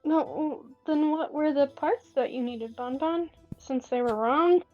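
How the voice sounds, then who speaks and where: High-voiced woman, slow and amused. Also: dull audio, faint music behind. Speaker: player. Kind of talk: casual play in a tabletop game.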